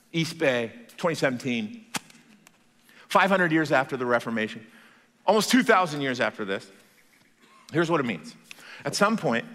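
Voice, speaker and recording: A male pastor preaching a sermon in a church, telling the story in a playful, animated way. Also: medium pitch, in a large hall.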